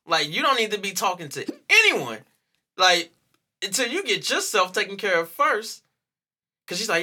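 Animated bright-voiced man in casual chat. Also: sits high, normal speed. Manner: animated, profane, laughs a lot, acts out quotes.

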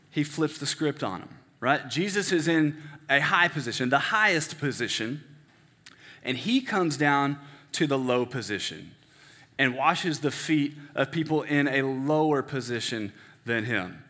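A man preaching a sermon in a relaxed, conversational way, often checking in with the congregation. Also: fairly high pitch. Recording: echoey hall with long reverb.

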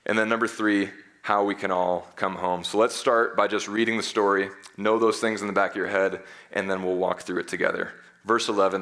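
A man's voice: on the low side, fairly bright tone. A man preaching a sermon as pastor, reading scripture and explaining it with casual, conversational asides.

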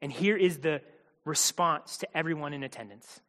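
Male pastor, high-pitched, conversational sermon delivery with wry asides; church hall reverb. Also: expressive, moderate pace, sharp tone. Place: church auditorium stage.

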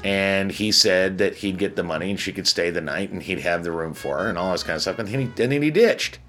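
A man's voice: sits low, animated, brisk, pushed and bright, soft background music. A man from Chicago, a casino hotel security manager, telling a story bluntly and profanely, with frequent restarts. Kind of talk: casual storytelling.

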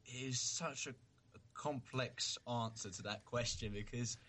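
A man's voice: mid-range voice, sharp tone, slight background noise. A man with a British accent co-hosting a fan podcast, earnest and thoughtful in casual chat. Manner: earnest, thoughtful, a little halting. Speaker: podcast co-host.

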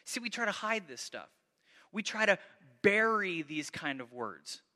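A man preaching a sermon, reading scripture aloud with dramatic, animated delivery and breaking off into conversational asides. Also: sits high, measured pace, in a large hall. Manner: conversational, self-interrupting. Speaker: pastor.

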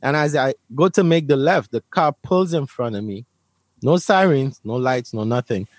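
A man's voice: mid-range voice, expressive, normal speed, no room sound. A man from Brooklyn, New York, telling a personal story to an interviewer in a vivid, emphatic way, often repeating his words. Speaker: interview guest. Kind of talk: storytelling in conversation.

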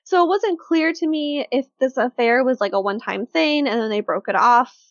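A woman co-hosting a casual true-crime podcast, telling the case in a chatty, animated way with lots of fillers. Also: high voice, normal speed, no echo, lo-fi sound.

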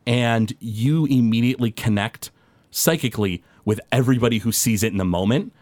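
A man's voice: mid-range voice, brisk, a little mellow, no echo. A man narrating a tabletop game as game master, describing scenes loosely with many fillers.

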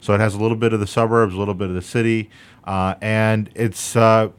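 Earnest low-voiced man, candidate interview. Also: flat delivery, clear, resonant tone. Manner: earnest, measured with frequent fillers. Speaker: state senate candidate. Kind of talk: radio interview answers.

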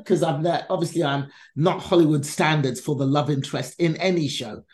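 A woman's voice: deep voice, moderate pace, hardly any pauses. A woman comedian telling a story as a podcast guest, acting out each person's lines and swearing freely. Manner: animated, acts out dialogue in different voices. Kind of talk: conversational storytelling.

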